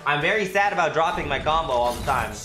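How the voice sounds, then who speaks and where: A man streaming a fighting game live, talking to his viewers, thanking them for likes, and swearing and shouting when he gets hit. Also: fairly high pitch, lively intonation, fast talker. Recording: roomy with game music behind.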